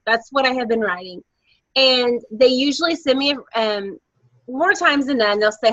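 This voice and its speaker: Bright-voiced woman coaching over a video call. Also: a little high, moderate pace, no echo, highs cut off. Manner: chatty, candid, lively storytelling. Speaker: team leader running a video call. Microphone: laptop video call mic.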